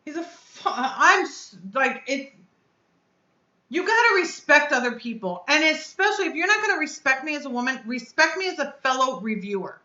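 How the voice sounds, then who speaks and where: A woman's voice: high-pitched, big pitch swings, normal speed, bright, forceful tone, echoey room, highs cut off. A woman hosting her own live stream as a reviewer, upset and blunt, venting and cursing as she speaks to her chat. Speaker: vape reviewer and channel host.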